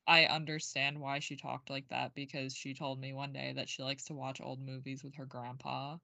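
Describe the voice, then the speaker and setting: A woman's voice: a bass voice, little pitch movement, normal speed, gravelly, pushed and bright, no room sound. A young woman co-hosting a podcast, talking casually and rambling with lots of filler words. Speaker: podcast co-host. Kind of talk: casual chat.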